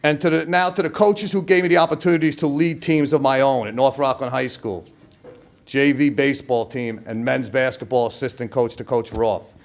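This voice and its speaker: A man's voice: mid-range voice, steady tone, normal speed. A middle-aged man with a New York accent giving a hall of fame acceptance speech, telling stories and acting out the voices of people he quotes. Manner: storytelling, acts out quoted voices, trailing asides.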